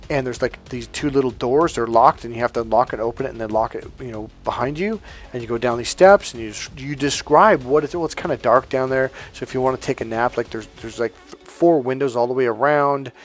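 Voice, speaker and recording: Profane, animated male dating coach. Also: mid-range voice, brisk. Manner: profane, animated, acts out quoted voices. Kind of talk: casual monologue.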